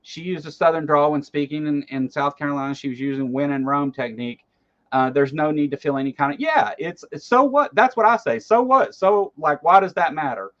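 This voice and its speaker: A man with a slightly high voice hosts a casual political livestream. He is blunt and curses freely. The audio is a little dull and lo-fi. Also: brisk, a bit bright. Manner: blunt, swears freely, reads chat aloud. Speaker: livestream host.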